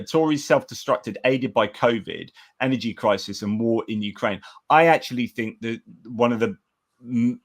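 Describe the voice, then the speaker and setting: This lowish-voiced male host keeps his election-night stream loose, wandering through his thoughts with frequent restarts while reading comments from viewers aloud.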